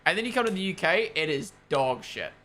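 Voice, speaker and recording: Very animated and brisk, this young man's fairly high voice has a sharp edge, with slight background noise audible. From Australia or New Zealand, he hosts a race watchalong live stream on a gaming headset, chatting casually, rambling, opinionated and swearing freely.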